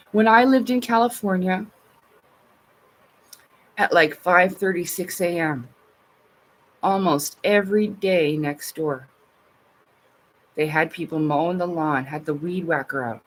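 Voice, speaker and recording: Woman, husky breathy voice, blunt and swearing, casual stream chat. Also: on the low side, measured pace, pauses often. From Canada. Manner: blunt and profane, with frequent laughs.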